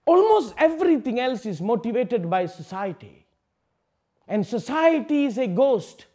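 A man giving a public spiritual talk, asking rhetorical questions and swinging from loud declarations to hushed asides. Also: very high voice, big pitch swings, unhurried. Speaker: spiritual teacher.

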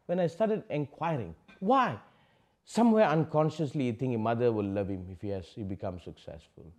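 A man giving a public spiritual talk, asking rhetorical questions and swinging from loud declarations to hushed asides. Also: medium pitch, expressive, moderate pace. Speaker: spiritual teacher.

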